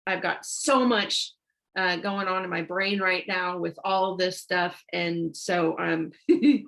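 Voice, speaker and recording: A woman gives an informal online sermon, reads scripture, and urges listeners on with "okay?" and "y'all", stumbling and restarting when she rushes. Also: on the low side, steady tone, creaky, a bit bright. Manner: urgent and exhortative, repeats herself, frequent "okay?" and "y'all". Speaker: online preacher.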